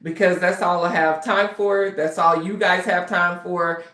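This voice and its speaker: A woman's voice: lowish voice, steady tone, a little slow, a bit bright, reverberant. A woman hosting her author channel, chatting casually and a bit nervously to viewers. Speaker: author and writing coach, channel host. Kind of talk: casual livestream talk to viewers.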